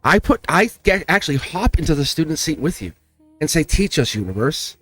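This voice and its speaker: A man hosting a spiritual tarot talk, speaking in an animated way with lots of repetition and frequent laughs. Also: fairly high pitch, fairly quick, soft background music. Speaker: tarot reader and channel host.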